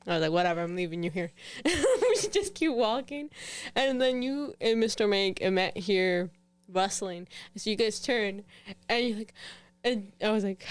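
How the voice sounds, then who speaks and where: A woman in a casual family chat, telling a hunting story in a quick, amused way. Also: on the high side, no room sound. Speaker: family member, hunting companion.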